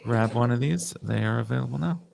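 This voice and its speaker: A man's voice: medium pitch, a little fast, vocal fry, background noise. A man co-hosting a live hardware build stream, chatting in an easygoing way with dry jokes and frequent hesitations. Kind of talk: casual chat.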